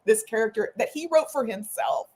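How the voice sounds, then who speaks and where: A woman with a slightly high voice co-hosting a podcast. She talks in a chatty, animated way and breaks into laughter often. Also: a little fast. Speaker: podcast co-host. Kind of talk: casual podcast chat.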